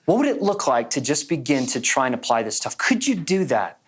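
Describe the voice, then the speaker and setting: A man's voice: medium pitch, big pitch swings, fairly quick, slightly rough. A male pastor telling a story in a sermon to a church gathering, conversational and full of "like" fillers.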